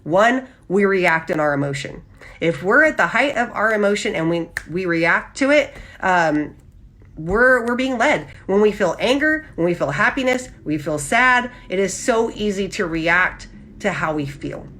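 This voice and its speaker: A woman's voice: mid-range voice, unhurried, a little hiss or hum. A woman hosting a live Christian devotional, talking animatedly and checking in with her listeners. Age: adult with husband and child. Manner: animated, often checks in with "okay?"; acts out lively quoted voices. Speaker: Christian women's devotional host.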